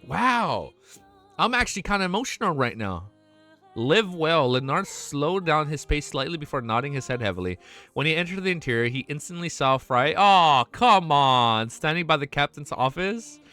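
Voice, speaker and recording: Soft music plays behind a young male streamer whose slightly high, sing-song voice has a sharp tone and a moderate pace. He reads a web novel aloud, pausing for excited gushing, plenty of swearing and frequent "dude"s.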